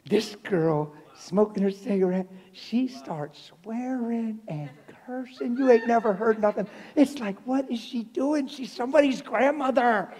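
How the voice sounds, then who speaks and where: A man preaching in a church, his voice sitting high for a man. He tells stories with animated swings from hushed, near-whispered lines to loud, laughing shouts. The live sanctuary gives his voice a long, ringing reverb. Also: a little slow, few pauses. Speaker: traveling preacher. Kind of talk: sermon with storytelling.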